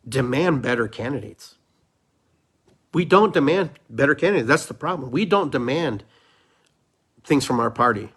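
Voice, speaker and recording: Hosting his own podcast alone, a middle-aged man with a husky, mid-range voice gives a fervent, preachy monologue. He leans on repeated phrases to drive his points home.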